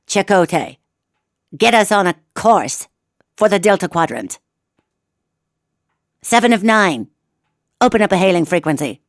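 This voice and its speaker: A woman playing a commanding female starship captain who gives crisp, clipped orders. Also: medium pitch, animated, measured pace, pauses often, no room sound, clean studio sound.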